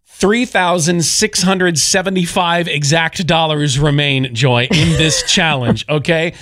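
Upbeat higher-voiced man co-host. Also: a bit bright, dry recording, studio quality. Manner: upbeat, laughing, agreeable. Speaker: radio co-host. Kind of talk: radio fundraiser chat.

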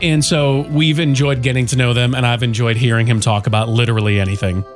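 A man's voice: medium pitch, fairly even intonation, fast, soft background music. A man hosting a radio morning show, chatting and telling stories about his neighbor. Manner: chatty storytelling, mimics a neighbor's accent. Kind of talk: casual radio banter.

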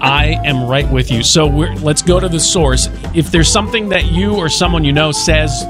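A man's voice: a little high, moderate pace, over loud music. A man hosting a morning radio show, teasing his co-host in playful banter with lots of laughter.

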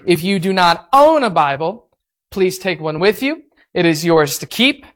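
A man pastor preaching a sermon, telling a story in an animated and self-mocking way. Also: high voice.

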